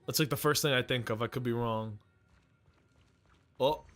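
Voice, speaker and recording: A man's voice: medium pitch, moderate pace, fairly bright tone. A male streamer chatting casually while reacting to a game, joking crudely and laughing often.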